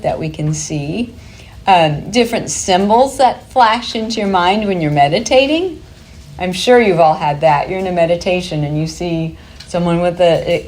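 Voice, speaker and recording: A woman's voice: fairly low pitch, darkish tone. A woman presenting a workshop to a live group, talking in a chatty, upbeat way and laughing easily.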